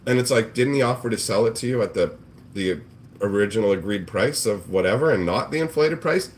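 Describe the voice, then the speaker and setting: A man hosts a casual livestream about card games and rants at length in a profane, exasperated tone. His pitch swoops up and down a lot as he mocks people with squeaky put-on voices. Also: expressive, a little fast. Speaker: card game show host. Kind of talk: ranting livestream chat.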